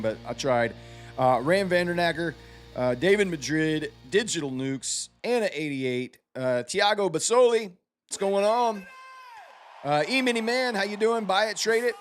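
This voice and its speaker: A man hosting a live trading stream, venting about a late payout and greeting viewers from chat one by one. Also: a little high. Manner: frustrated ranting, then rattling off chat names.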